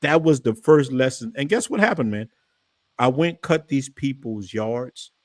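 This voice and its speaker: Animated New man telling stories. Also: mid-range voice, measured pace, dry recording. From New Orleans, Louisiana. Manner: animated storytelling, voice rising when quoting his father. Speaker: channel host. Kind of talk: casual storytelling chat.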